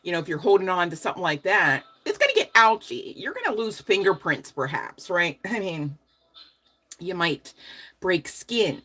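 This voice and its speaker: Woman, low voice, live-stream reading host; casual, upbeat, chatty with viewers. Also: fairly bright tone. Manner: chatty and upbeat, laughs often, talks straight to viewers. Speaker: tarot reader hosting a live stream.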